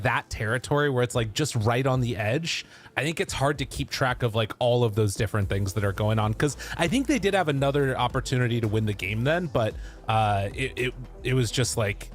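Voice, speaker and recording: A man's voice: medium pitch, animated, brisk. A man working as an esports caster, thinking aloud with fillers in a panel discussion.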